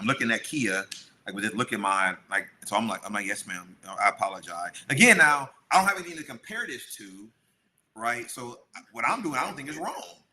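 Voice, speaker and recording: This podcast co-host is a middle-aged man with a fairly low, sharp-toned voice, and there's slight background noise. Chatting casually, he relates a story and performs the voices of those he quotes.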